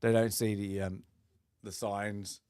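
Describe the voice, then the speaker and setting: A man's voice: fairly low pitch, little pitch movement, slow, mellow, clear, resonant tone, dry recording. Male podcast host, casual rambling film chat, dry close mic. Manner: rambling, many fillers, acts out film lines with laughs.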